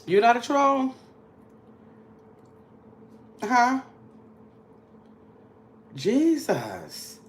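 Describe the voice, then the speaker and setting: A woman's voice: medium pitch, fairly bright tone. A woman from Milwaukee hosts a casual livestream from home. She talks straight to her chat, teasing and chatty, in a mid-range voice. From Milwaukee, Wisconsin. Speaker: livestream host.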